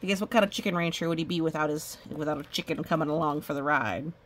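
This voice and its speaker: A woman's voice: sits low, fast talker. A woman reading a children's picture book aloud, chatting and delighting over the illustrations. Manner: chatty, amused, commenting on pictures. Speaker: storybook reader.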